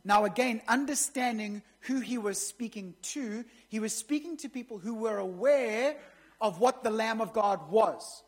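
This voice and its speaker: Woman, pastor, sermon, husky voice, chatty, joking asides. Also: fairly high pitch, measured pace. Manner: conversational, jokey asides to the congregation.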